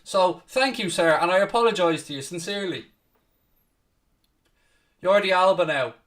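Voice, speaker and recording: A man hosting a live football watchalong, commentating casually, swearing a little, mocking himself, and shouting out loud at big chances. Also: high-pitched, lively intonation, moderate pace, far from the mic. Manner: self-deprecating, swears casually. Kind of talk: live match commentary and chat with viewers.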